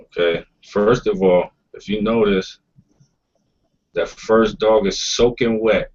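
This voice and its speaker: A man's voice: lowish voice, steady tone, slow, a little mellow. A man hosting a casual roundtable talk, speaking bluntly and emphatically and swearing freely. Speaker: podcast host. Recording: dull lo-fi audio.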